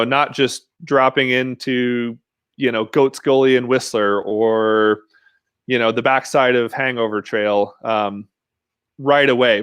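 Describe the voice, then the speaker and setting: Laid-back man, smooth dry voice. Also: medium pitch, fairly bright tone, no echo. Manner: laid-back storyteller, frequent fillers. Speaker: podcast guest, mountain bike rider. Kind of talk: casual interview chat.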